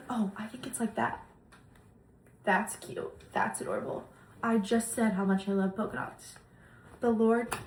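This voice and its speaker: A young woman chatting excitedly as she unboxes gifts for her vlog, gushing over each item. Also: fairly high pitch. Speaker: lifestyle vlogger. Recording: echoey room, noisy background.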